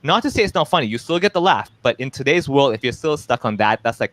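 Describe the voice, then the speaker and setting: A man from Hong Kong, a stand-up comedian, speaks at a quick pace in a mid-range voice during a relaxed interview. His storytelling is animated, complete with acted-out voices, and the audio has no echo.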